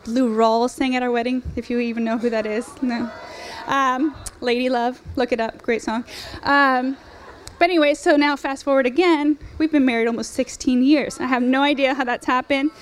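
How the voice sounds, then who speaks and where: A woman's voice: sits high, fairly even intonation, moderate pace, a little hiss or hum. A woman in her forties giving an earnest, conversational sermon with personal testimony, using fillers and rhetorical questions. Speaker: speaker at a women's ministry event.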